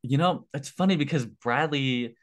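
A young man interviewing a fellow contestant in a loose, rambling way, full of "like" and quick apologies. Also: medium pitch. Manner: rambling, filler-heavy, apologetic. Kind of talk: casual chat.

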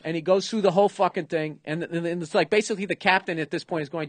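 A male comedian telling a profane, animated story on a podcast, acting out the people in it. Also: high-pitched, very fast, hardly any pauses, no echo. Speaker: comedian guest.

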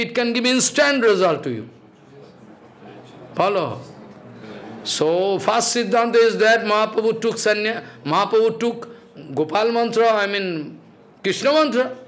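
High-voiced man preaching. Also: fairly bright tone. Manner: broken English, quizzes and scolds listeners. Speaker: spiritual teacher. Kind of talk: devotional sermon.

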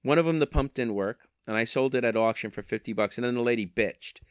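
Speaking quickly in a smooth, mid-range voice, this man runs through his online resale sales on a handheld microphone for a casual vlog. He's an eBay reseller who rambles and tosses in wry jokes at his own expense. It's a dry, studio-quality recording.

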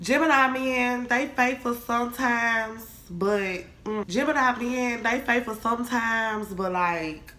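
A woman's voice: lowish voice, echoey room. A young woman, ranting sassily and swearing freely in a casual comedic vlog. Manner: sassy, animated, swearing freely. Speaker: vlogger.

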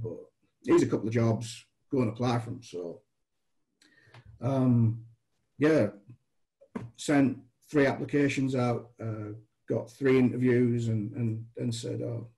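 A man from England chats as a podcast guest, telling long anecdotes and putting on voices for the people in them. His voice is warm and mellow. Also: medium pitch, rough recording. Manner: animated storyteller, acts out dialogue. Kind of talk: anecdotal storytelling.

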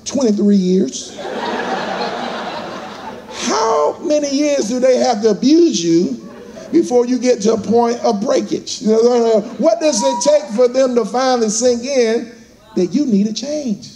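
A man's voice: very high-pitched, animated, measured pace, dark tone. A man giving a fired-up motivational speech to a live audience, using call-and-response and acting out voices. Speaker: motivational speaker.

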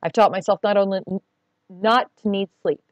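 A woman's voice: medium pitch, fairly even intonation, normal speed, dry recording, muffled recording, close to an everyday voice. Woman reading an earnest young farm boy.

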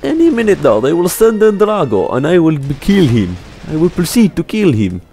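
A man's voice: a little high, huge pitch swings, moderate pace, mellow, a little hiss or hum, voice pushed up. A man putting on a comic Russian voice as a grandiose Soviet man, speaking stiffly and pompously into a headset mic. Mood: mock boastful.

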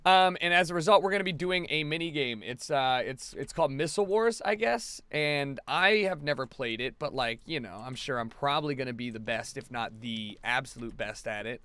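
A man's voice: medium pitch, brisk, hardly any pauses, bright, forceful tone, clear, resonant tone, no room sound. A man streaming a game live from his apartment, ranting to his chat in a rambling way and swearing freely. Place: home apartment.

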